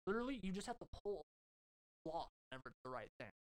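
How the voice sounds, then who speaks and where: A young man tells a long, animated story on a casual podcast, swearing freely and restarting his sentences as he goes. His voice sits a little high and comes across smooth and clear, recorded close and dry. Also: very fast, dry recording. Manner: rambling, animated, swears a lot, many restarts. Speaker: podcast host.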